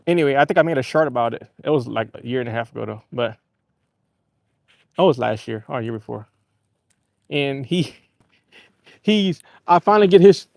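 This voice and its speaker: A man's voice: a little high, vocal fry, no echo, studio quality. A man hosting a casual live fishing stream outdoors on a lake, telling rambling stories with easy laughs. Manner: rambling, laid-back storytelling with easy laughs. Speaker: fishing livestream host.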